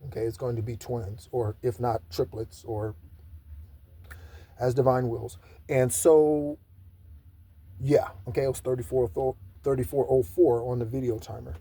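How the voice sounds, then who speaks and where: A man's voice: mid-range voice, fairly even intonation, mellow, husky. Man giving rambling spiritual guidance. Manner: repeats mantras slowly, rambling asides. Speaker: spiritual channeler. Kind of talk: casual spiritual guidance monologue.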